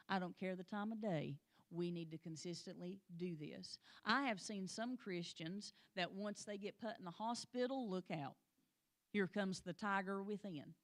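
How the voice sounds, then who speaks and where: A woman teaching a Sunday school lesson, plain-spoken and folksy, with joking asides, and urging the class on directly. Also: fairly low pitch.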